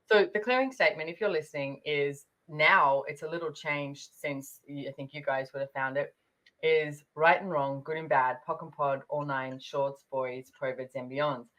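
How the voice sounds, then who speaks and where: A woman hosts a relaxed podcast conversation, her voice sitting low. She rambles through stories in a chatty way, full of little fillers and asides. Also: normal speed. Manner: chatty, storytelling, many fillers. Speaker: podcast host.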